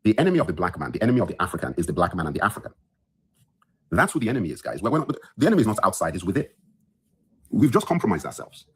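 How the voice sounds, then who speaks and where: A just-awake podcast host rants heatedly into his phone from his bedroom on a solo livestream. His deep, breathy voice is sing-song and rapid-fire, and he sounds indignant and emphatic, repeating lines for effect.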